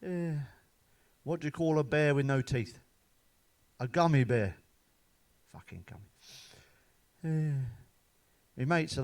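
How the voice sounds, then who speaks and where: A man's voice: a little high, lively intonation, takes it slowly, long pauses. Man, middle-aged, stand-up comic, crude one-liners, laughs at own jokes. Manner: swears freely, laughs at his own jokes. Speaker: stand-up comedian.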